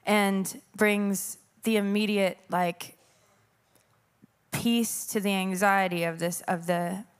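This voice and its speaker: A woman's voice: mid-range voice, steady tone, slow, smooth. A woman worship leader speaking earnestly about the Holy Spirit, reflective and searching for words.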